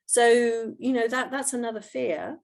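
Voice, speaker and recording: A woman's voice: a little high, steady tone, a little slow, creaky. A middle-aged woman, a homeopath, explaining her work patiently in an interview, with many fillers and restarts.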